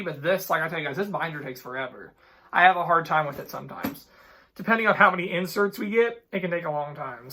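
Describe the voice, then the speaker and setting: A young man in his twenties from Ohio, telling stories in a casual, chatty vlog with animated, exasperated energy. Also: high voice. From Ohio, USA. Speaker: couponing vlogger.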